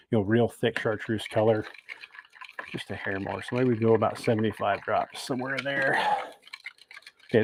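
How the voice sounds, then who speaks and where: A man with a mid-range voice and some vocal fry hosts a casual bait-making livestream from an indoor workshop, chatting and greeting viewers by name while he works. There's a little hiss or hum on the recording.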